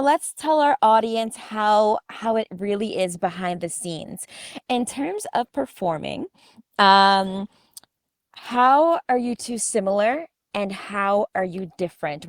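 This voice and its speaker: A woman's voice: medium pitch, animated, slow pace, no room sound, clean studio sound. Bubbly woman hosting a podcast. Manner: bubbly and playful, laughs easily. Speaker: podcast host. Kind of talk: casual interview chat.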